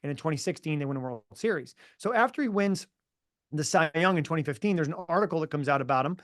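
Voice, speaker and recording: A man's voice: on the high side, animated, fast talker, a bit bright, dry recording, clean studio sound. A middle-aged man who works as a mental performance coach, telling stories in a casual interview with emphatic, motivational energy.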